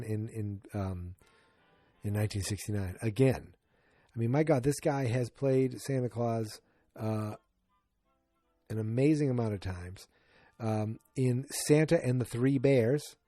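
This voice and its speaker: Mellow-voiced man recapping a sitcom. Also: medium pitch, no echo. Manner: rambling, excitable, frequent restarts. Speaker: podcast host. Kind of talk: casual episode recap.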